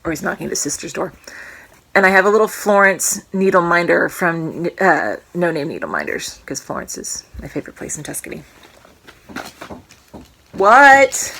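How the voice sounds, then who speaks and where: A woman's voice: on the low side, animated, fairly quick, creaky, fairly bright tone, a little hiss or hum. A woman in her thirties chatting at home in a casual vlog, rambling, breaking off mid-sentence and cracking little jokes. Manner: rambling, self-interrupting, jokey. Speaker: cross-stitch vlogger. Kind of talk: casual chatty show-and-tell.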